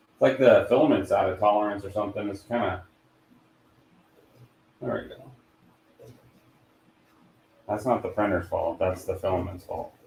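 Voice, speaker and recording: A man's voice: fairly low pitch, darkish tone, a little hiss or hum. Joking man in a roomy echo. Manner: joking, mutters to himself while working. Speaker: host. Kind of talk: casual hands-on product demo.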